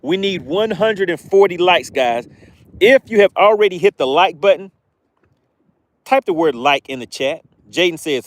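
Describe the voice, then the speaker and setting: A man hosting a live fishing stream from a boat outdoors, reading chat and shouting playful catchphrases. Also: fairly high pitch, animated, moderate pace, no room sound. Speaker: fishing livestream host.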